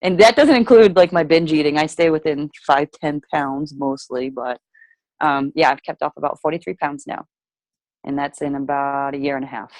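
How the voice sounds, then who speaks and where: Young woman, low voice, chatty testimony, lots of "like", dry close recording. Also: normal speed, a little mellow, no room sound. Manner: chatty, lots of "like", acts out own quotes. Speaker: guest sharing fitness story. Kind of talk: casual personal testimony.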